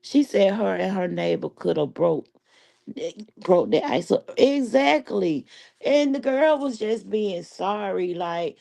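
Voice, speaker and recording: Woman live-stream host, sassy profane chat, unhurried with a mellow low-bright timbre. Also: expressive, vocal fry. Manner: sassy, profane, laughing storytelling. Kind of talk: casual live-stream commentary.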